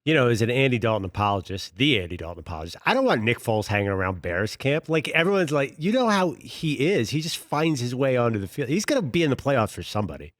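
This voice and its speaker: A man's voice: mid-range voice, very animated, fast talker, hardly any pauses, dry recording, clean studio sound. A man co-hosting a sports radio show, asking questions and offering contrarian takes. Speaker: co-host. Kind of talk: casual sports talk.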